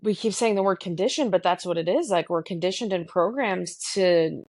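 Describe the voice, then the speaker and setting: A woman's voice: on the low side, fairly quick, darkish tone, dry recording. A woman with a North Jersey accent, hosting a casual podcast chat in a reflective, searching way with many fillers. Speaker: podcast host.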